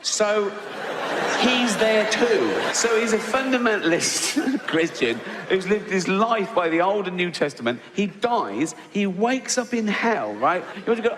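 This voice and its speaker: A man's voice: high-pitched, lively intonation, a little slow. A middle-aged man, doing mocking, foul-mouthed stand-up with a blunt delivery. His voice carries through a large theatre with a long reverb, and the crowd murmurs underneath. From England. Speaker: stand-up comedian. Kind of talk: live stand-up routine. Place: theatre stage before an audience. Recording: large hall with long reverb and audience noise.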